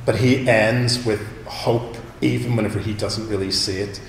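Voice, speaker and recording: A man preaching a sermon in a conversational, animated way, asking his listeners questions. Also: on the low side, normal speed, slight background noise. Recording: echoey hall with long reverb.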